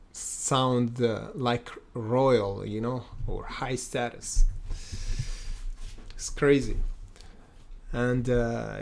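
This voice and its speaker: A man's voice: mid-range voice, creaky. A man hosting a live trading stream, thinking aloud with many fillers and repeated phrases, and addressing viewers as guys and brother. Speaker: day-trading livestream host. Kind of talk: live market commentary.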